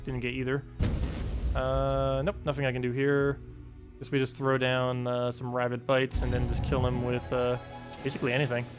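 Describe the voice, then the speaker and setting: A man streaming a puzzle game, giving casual, quick play-by-play as he thinks aloud. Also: medium pitch, completely flat delivery, music in the background. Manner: quick, mumbled play-by-play talking to himself. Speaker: gaming streamer. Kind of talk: casual live-stream commentary.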